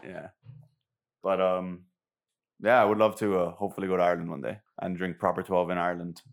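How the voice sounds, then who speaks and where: A young man from the United States hosting a casual podcast chat, telling stories quickly with laughs. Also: sits low, little pitch movement, creaky. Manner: fast, laughing storyteller. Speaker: podcast host.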